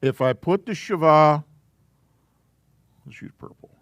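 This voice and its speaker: A man teaching a Hebrew alphabet class in a church classroom, explaining slowly and casually. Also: fairly high pitch, fairly bright tone, no echo.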